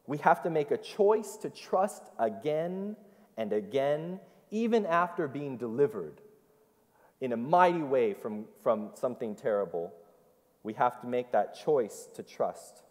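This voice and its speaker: A man preaching an interactive sermon, repeating the congregation's answers and telling the story with animation. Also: medium pitch. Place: church sanctuary. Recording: long church hall reverb.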